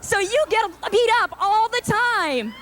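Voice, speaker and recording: A woman's voice: very animated, a little slow, background noise, heavily acted. A woman mocking a breezy shallow talk show host. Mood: dismissive. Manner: bright, dismissive, high.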